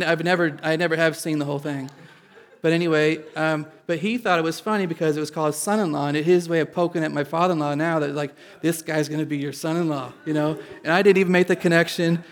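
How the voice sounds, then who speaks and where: A male pastor from Indiana tells an audience a personal story. He is animated and self-deprecating, and his voice sits somewhat high. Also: fast.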